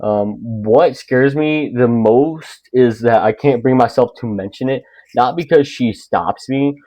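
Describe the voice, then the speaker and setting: A man reading creepy online stories aloud. He reads slowly and often breaks off into joking, rambling comments. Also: medium pitch, dark tone, no room sound, rough recording. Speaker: YouTube story reader.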